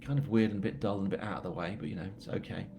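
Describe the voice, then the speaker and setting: Man, northern English accent, lowish voice, rambling chatty storyteller, faint hiss behind. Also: fairly even intonation, racing, gravelly, warm tone. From England. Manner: chatty, rambling, self-mocking with asides. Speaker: author hosting a live book launch. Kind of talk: casual live-stream chat and storytelling.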